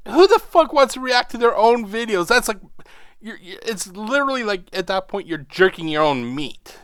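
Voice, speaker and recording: A man's voice: high-pitched, very animated, normal speed, a bit bright, clean tone, no room sound, studio quality. A man hosting a reaction video, ranting with profanity and sarcasm. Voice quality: mocking, sarcastic.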